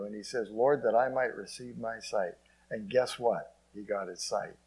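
Male pastor, husky sermon delivery with scripture readings and amen asides. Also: medium pitch, normal speed, rough recording. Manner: preaching with frequent "amen" asides and scripture quotes.

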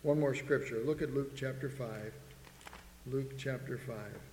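A man's voice: mid-range voice, measured pace, background noise. Preaching man in an echoey hall. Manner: preaching with rising emphasis, asks the congregation "Amen?". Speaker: pastor. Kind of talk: sermon. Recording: echoey hall with long reverb.

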